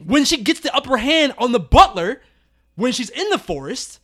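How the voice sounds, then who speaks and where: Man co-hosting a film chat: high, lively, bright voice, swearing freely and acting out lines. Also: normal speed. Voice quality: animated, profane, loud bursts of laughter. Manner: acts out characters' lines in exaggerated voices. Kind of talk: casual movie review chat.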